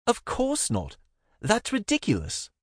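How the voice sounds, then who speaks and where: A man voicing a guarded, fiery young foreign woman with a lilting accent, firing off sharp questions. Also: high voice, wildly swooping pitch, unhurried, dry recording, studio quality, voice pushed up, heavily acted. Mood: guarded, insistent.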